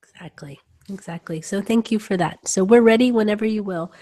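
A woman hosting a channeling session, chatting and telling a story in a warm, chatty way with fillers. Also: medium pitch, brisk. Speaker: host. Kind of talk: casual chat.

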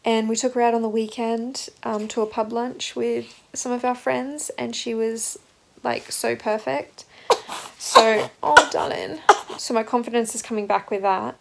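A woman's voice: fairly high pitch, steady tone, normal speed, creaky, background noise. A young woman vlogging candidly about life as a new mother, reflective and open, with ums and restarts. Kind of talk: casual personal vlog.

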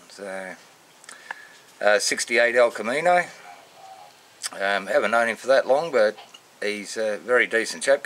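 A man with an Australian accent giving casual, unscripted shout-outs in a matey, rambling way full of slang. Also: fairly low pitch. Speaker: vlogger.

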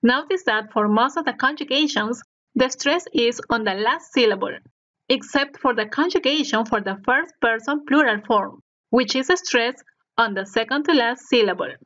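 A woman narrating a scripted language lesson as the teacher, speaking slowly and clearly so learners can repeat after her. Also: on the high side, a bit bright. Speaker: Spanish teacher. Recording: dull lo-fi recording.

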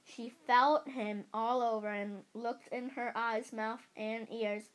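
A woman reading a children's book aloud in a halting way, often correcting herself. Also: fairly high pitch, steady tone. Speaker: storybook reader.

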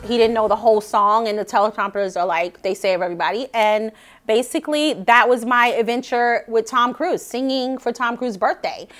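High voiced lady vocal coach vlogging, bubbly and chatty, lots of likes, soft music under. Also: normal speed. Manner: animated, chatty, laughing, frequent fillers. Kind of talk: casual vlog commentary.

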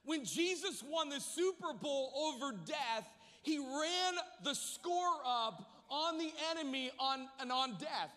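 A man preaching a sermon, telling a humorous story with lively energy in a large church. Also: extremely high pitch, big-room sound. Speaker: pastor.

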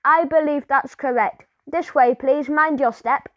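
Lady reading a stern proper tour guide lady, high and dry. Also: steady tone, unhurried, no echo, muffled recording. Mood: formal. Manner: stern, polite and formal.

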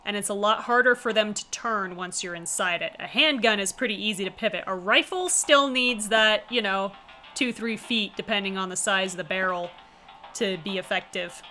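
A woman's voice: medium pitch, normal speed, sharp tone, faint music behind. A woman streamer reading a visual novel aloud, with wry, chatty asides in between. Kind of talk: casual reading with commentary.

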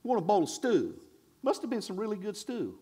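A male pastor preaching a sermon in a church, swinging from shouted declarations to hushed asides in a folksy, conversational way. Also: high voice, huge pitch swings, breathy edge. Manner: conversational, drawn-out and folksy, with audience call-and-response.

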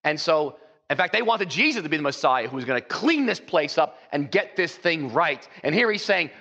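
A man's voice: a little high, lively intonation, moderate pace, pushed and bright. A man preaching a sermon in a loose, conversational way, full of "you know" asides and little acted-out voices. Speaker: pastor. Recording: dull, echoey hall recording.

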